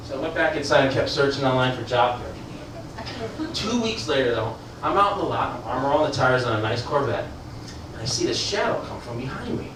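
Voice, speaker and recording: A man performing stand-up comedy, telling a story with animated delivery and excited high-voiced quotes. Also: fairly quick, slight background noise. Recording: echoey club room from a distance. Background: audience laughter.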